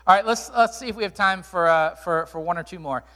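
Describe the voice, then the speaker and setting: A man's voice: sits high, brisk, pushed and bright. A man, a pastor, answering questions from his congregation in a candid, conversational way, with frequent ums and restarts. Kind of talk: sermon Q&A to a live congregation. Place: church auditorium. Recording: long reverb of a large hall.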